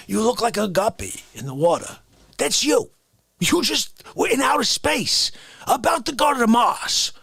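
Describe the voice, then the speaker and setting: An offended Bronx guy rants in a gravelly, husky voice that leaps high and crashes into hoarse whispers, put on by a man. He keeps the ranting running in an improvised comedy bit. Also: no room sound, exaggerated voice. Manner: swings between shouting and gravelly whispers.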